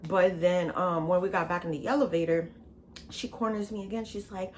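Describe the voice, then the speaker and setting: A woman's voice: fairly low pitch, steady tone, normal speed, slight background noise. A woman vlogger telling a storytime in a casual, blunt and profane, chatty way.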